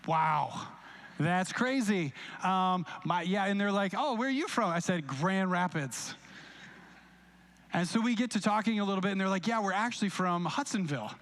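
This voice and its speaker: A young male pastor delivers a sermon live in a church with a fairly high voice. He talks in a relaxed, conversational way, slipping into quoted voices as he tells stories from his own life. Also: moderate pace, a little hiss or hum. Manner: conversational storytelling with acted-out quotes. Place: church sanctuary, recorded live.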